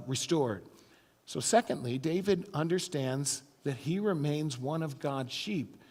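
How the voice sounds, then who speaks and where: A male pastor delivering a sermon, telling a scripture story with emphatic stretches that fall to a hushed tone. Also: a little high. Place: church sanctuary. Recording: church hall reverb.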